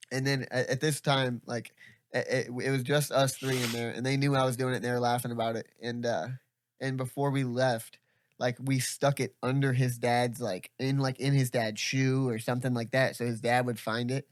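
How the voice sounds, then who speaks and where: A man's voice: mid-range voice, level tone, moderate pace, no room sound, clean studio sound. A young man hosting a podcast, telling stories in casual chat, rambling with lots of laughs and swearing. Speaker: podcast host.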